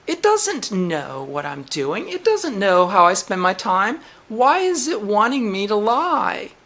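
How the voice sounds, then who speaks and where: A woman hosting her own channel. She rants with exasperation, reads quoted text out flatly, and breaks into incredulous, swearing outbursts. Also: mid-range voice, slow pace. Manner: reads out quotes flatly, then reacts sharply. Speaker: channel host. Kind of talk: ranting vlog commentary.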